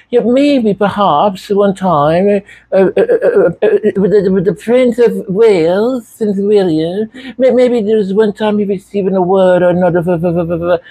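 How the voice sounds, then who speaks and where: Mock pundit, female, prim and flustered, high and stuttering as a husky man puts her on. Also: warm tone, no room sound, low-quality recording. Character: stammering self-important woman TV panelist.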